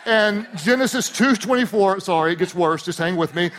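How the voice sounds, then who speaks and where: A man with a high voice preaching to a large church. He is animated and jokey, and he often leans on punchlines and call-and-response lines. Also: normal speed, slight background noise. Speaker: pastor. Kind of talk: sermon.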